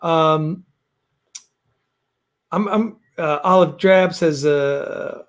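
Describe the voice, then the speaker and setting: A man's voice: on the high side, big pitch swings, takes it slowly, long pauses. A man hosting a casual livestream chat from home, rambling with lots of fillers and restarts. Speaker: host. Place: home, fireworks outside.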